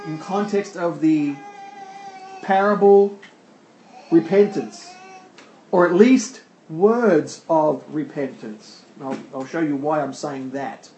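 A man's voice: on the high side, measured pace, a little mellow, echoey room, slight background noise, low-quality recording. A man preaching a sermon verse by verse, who asks the congregation rhetorical questions and answers them himself. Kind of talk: sermon explaining a scripture passage.

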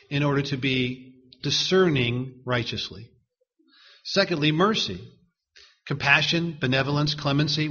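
A man preaching a sermon in a measured, emphatic way, repeating words to stress them. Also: medium pitch, fairly bright tone, dull audio.

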